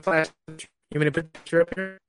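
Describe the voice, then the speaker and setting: A man's voice: on the high side, fairly even intonation, quick pace, over music. A man co-hosting a podcast over a remote call, hesitant and full of stammering restarts. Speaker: podcast co-host. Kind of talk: casual podcast chat.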